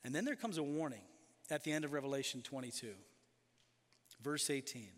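A man preaching a sermon as a pastor, emphatic, slowing down to stress key phrases. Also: mid-range voice, lively intonation. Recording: long reverb of a large hall.

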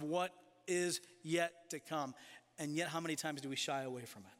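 A man preaching a sermon as a pastor, emphatic, slowing down to stress key phrases. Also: fairly high pitch, a bit bright. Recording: long reverb of a large hall.

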